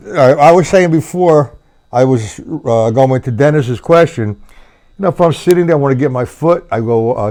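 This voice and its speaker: On a live stream, a man runs a drum lesson, counting out the beats as he plays and talking casually to the people watching. His voice is a little high and a little mellow. He's relaxed and curses when he slips up, with the drum kit faintly audible in the room.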